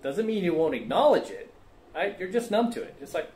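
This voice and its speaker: A man's voice: high-pitched, very animated, fairly quick, darkish tone. A man giving blunt, lecturing dating advice in casual commentary, often checking with "right?" and "okay?". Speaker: dating coach reacting to a clip. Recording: echoey room with faint ambient noise.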